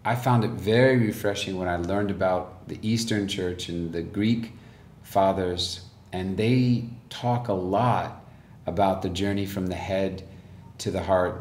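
A man's voice: lowish voice, a little mellow, reverberant, a little hiss or hum. A man hosting a casual faith discussion, speaking in a reflective, encouraging way. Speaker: host.

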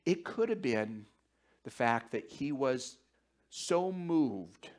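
A male pastor preaching a sermon, animated and joking, with repeated words and fillers as he thinks aloud, sometimes dropping to a hushed near-whisper. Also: mid-range voice, slow.

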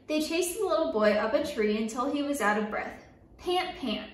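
A woman's voice: sits high, lively intonation, brisk, recorded from a distance. A woman reading a picture book aloud for children's story time, with playful sound effects and call-and-response lines. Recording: echoey room, voice a bit off-mic.

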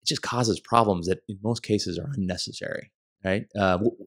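A man co-hosting a podcast, speaking in a relaxed, reflective way with many fillers. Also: on the low side, normal speed. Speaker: podcast co-host. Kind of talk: conversational interview.

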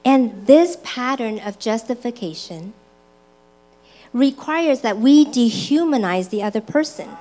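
A woman preaching a sermon in a church, slow and deliberate, who acts out her own excited and angry voice in personal stories. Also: on the high side.

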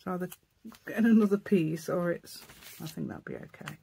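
A woman's voice: on the low side, expressive, moderate pace, creaky, dark tone, breathy edge. A woman hosting a casual crafting tutorial, thinking aloud as she works and often correcting herself. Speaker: craft channel host.

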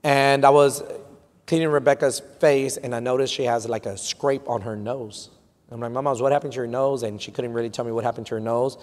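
A man in his thirties with a Texan accent, preaching a sermon as pastor, swinging from quiet storytelling to loud peaks and slipping Spanish phrases into English. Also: medium pitch, fairly even intonation, normal speed. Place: large church sanctuary. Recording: long hall reverb.

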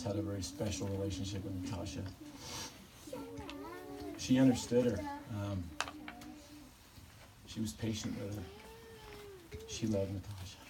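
A man giving a personal eulogy for a family member, telling fond stories in a halting way and often chuckling. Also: fairly low pitch. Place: memorial service gathering. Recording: distant mic with background noise.

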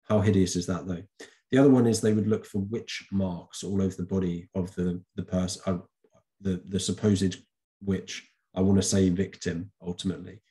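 Low-voiced, chatty man teaching. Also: level tone, normal speed, dark tone. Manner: chatty, with frequent ums and self-corrections. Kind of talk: casual spoken revision lesson. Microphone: camera recording.

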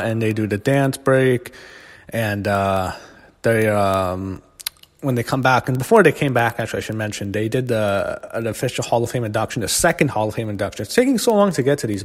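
A man rants bluntly about a wrestling broadcast, swearing freely as he gives his opinions. His voice sits at an ordinary middle pitch. The sound rings out with a long reverberant tail, as if he were recorded in a large hard room. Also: fairly quick. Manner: blunt, profane, ranting. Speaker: wrestling show reviewer. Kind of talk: casual opinionated recap monologue.

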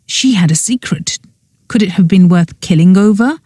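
A woman narrating a first-person cozy mystery audiobook in a brisk storybook reading. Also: mid-range voice, expressive, dark tone, breathy edge, dry recording, studio quality.

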